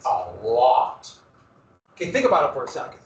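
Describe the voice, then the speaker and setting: Recorded at a distance in a roomy classroom, this history teacher speaks at a moderate pace in a medium-pitched voice that swoops wildly. He poses questions to his students, then supplies the answers himself.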